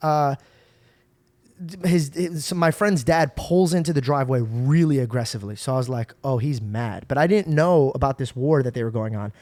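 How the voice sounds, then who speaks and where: A young man hosting a podcast, telling stories in a casual, animated way. He swears and acts out the people in his stories. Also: mid-range voice, normal speed, no room sound. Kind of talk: casual storytelling chat.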